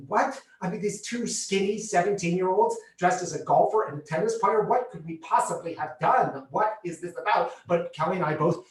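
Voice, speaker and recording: A man performing a solo theatre piece, telling his own story with vivid, expressive delivery. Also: high-pitched, fairly quick, few pauses. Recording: roomy theatre heard from a distance.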